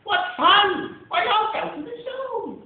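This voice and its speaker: A man voicing a lazy, shrill female bird in a storybook reading. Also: wildly swooping pitch, slow pace, very echoey, recorded from a distance, phone-quality sound, exaggerated voice. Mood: excited. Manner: shrill and indignant.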